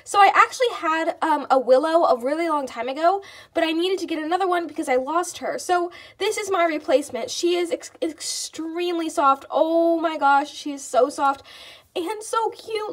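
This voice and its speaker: A woman with a very high, bright voice unboxes fan mail on her vlog. She gushes and gasps with excitement, repeating how cute everything is. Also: moderate pace. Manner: gushing, gasping, repeats "oh my gosh".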